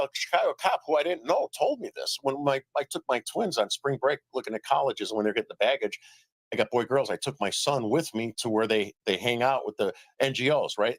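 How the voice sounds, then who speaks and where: A middle-aged man on a live stream telling stories about his reporting in a casual, animated way, acting out what others said. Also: mid-range voice, dry recording. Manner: animated storyteller, acts out quoted dialogue. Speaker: citizen journalist guest. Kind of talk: casual remote interview.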